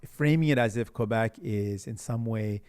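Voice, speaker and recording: A man's voice: lowish voice, normal speed, a little mellow, clear, resonant tone, dry recording, studio quality. A man, a politician guest, telling stories in a casual interview with an earnest, upbeat manner.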